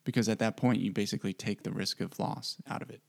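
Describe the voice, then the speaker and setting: Gravelly low-voiced man explaining finances. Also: fairly even intonation, fast, a little mellow. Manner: conversational, checks in with frequent "right?". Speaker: financial coach for military members. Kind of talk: casual explanatory teaching.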